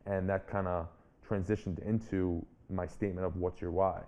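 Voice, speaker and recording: His voice sits low with a flat, mellow delivery at a moderate pace, and the highs are cut off. He's in his twenties, a public speaker and author appearing as an interview guest, sharing a personal story earnestly and reflectively with frequent restarted phrases.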